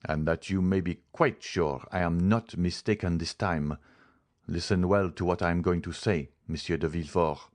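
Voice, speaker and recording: A man reading a grave, measured doctor. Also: low-pitched, fairly even intonation, close to an everyday voice. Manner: measured, solemn. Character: grave male doctor, calm and insistent.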